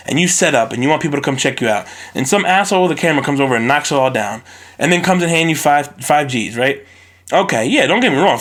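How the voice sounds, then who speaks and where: A man hosting a solo podcast recorded on a phone, ranting in an animated, profane way. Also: a little high. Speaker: podcast host.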